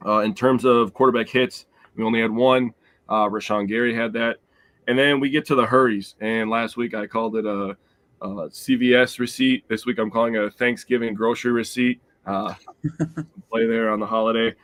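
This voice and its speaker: A man's voice: mid-range voice, normal speed, dry recording. A man with a cold and a congested, sick voice, co-hosting a casual sports chat over a remote call and rattling off stats with many "uh" fillers. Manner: stat-heavy, lots of "uh" fillers, excitable. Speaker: podcast co-host.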